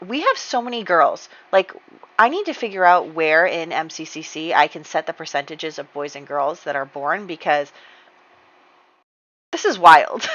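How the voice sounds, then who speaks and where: A young woman hosts a life-sim let's-play, her voice sitting a little low for a woman. She rambles in a loose, friendly way, full of "like" and "um", and retells her characters' lines as she goes. The mic sounds slightly dull and lo-fi. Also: a bit bright. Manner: chatty, rambling, lots of "like" and "um" fillers. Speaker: gaming channel host. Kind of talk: casual let's-play commentary.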